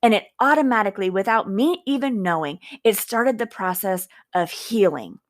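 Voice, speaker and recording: A woman in her thirties talks through a personal reflection on her podcast. Her delivery is earnest and faith-filled, and she slows down to lean into the words that matter most. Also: medium pitch, animated. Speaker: podcast host.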